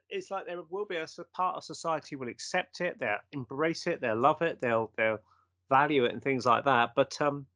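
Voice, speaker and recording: An Englishman with a gravelly, slightly raised voice recounts stories with animation. He acts out quotes of other people in casual chat. The sound is close and dry. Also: fairly high pitch, normal speed, dry recording. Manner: animated anecdotes with acted quotes and "blah, blah". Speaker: interviewee discussing mediums.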